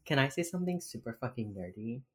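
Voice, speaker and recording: A woman's voice: a bass voice, big pitch swings, fast. A woman co-hosting a casual podcast chat, rambling with many fillers and swearing as she acts out quotes from a show. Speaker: podcast co-host recapping a TV episode.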